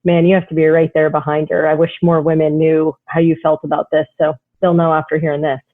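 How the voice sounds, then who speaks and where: A woman's voice: low-pitched, little pitch movement, quick pace. A woman hosting a podcast interview, reacting with encouragement and asking about women in coaching. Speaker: podcast host. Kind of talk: casual interview. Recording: tinny phone-like line.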